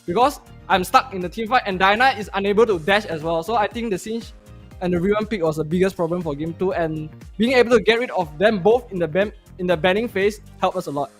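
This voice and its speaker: A man interviewed as a pro player over a call, explaining calmly in detail with non-standard grammar. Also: high voice, fast talker. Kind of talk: post-match interview. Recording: faint music behind.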